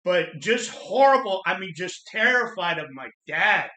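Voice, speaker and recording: Earnest man telling his story, bright voice. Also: sits high, sing-song. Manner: earnest, plain-spoken, halting with restarts. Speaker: channel host sharing personal trauma story. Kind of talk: personal storytelling monologue. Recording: echoey room.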